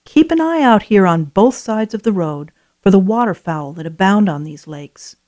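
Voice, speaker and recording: Woman, audio tour narration, mid-pitched voice, clear friendly reading. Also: expressive, moderate pace, darkish tone.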